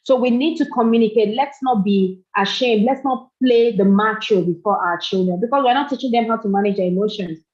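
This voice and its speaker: A woman's voice: a little high, fairly quick, hardly any pauses, a little mellow. Earnest middle-aged woman giving a talk. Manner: earnest, repeats phrases for emphasis. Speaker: speaker at a parenting summit. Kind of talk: motivational talk. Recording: dull lo-fi recording.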